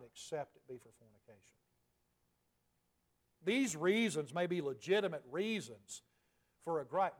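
A man in his forties preaching a sermon in a conversational way, dropping to soft, emphatic asides. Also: fairly high pitch. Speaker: pastor.

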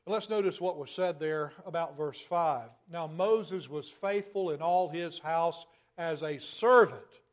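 A man preaching a sermon from the pulpit, measured and emphatic, slowing down to stress key words. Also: fairly high pitch, darkish tone.

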